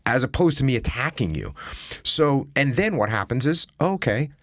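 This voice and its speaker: A man's voice: medium pitch, animated, moderate pace, dry recording, clean studio sound. A man guest on a podcast, talking emphatically and acting out example conversations. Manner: emphatic, acts out example dialogues. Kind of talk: casual conversation.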